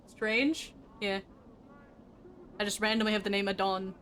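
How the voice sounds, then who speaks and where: A woman's voice: medium pitch, little pitch movement, a little slow, fairly bright tone, slight background noise. A young woman streaming, reading game narration aloud in a casual, plain manner.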